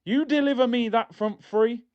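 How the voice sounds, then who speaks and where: A man hosting a live football watchalong, chatting in an excitable, rambling, jokey way. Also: very high-pitched, moderate pace, clear, resonant tone. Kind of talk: live fan chat, casual banter. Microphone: streaming mic. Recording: dull lo-fi stream audio.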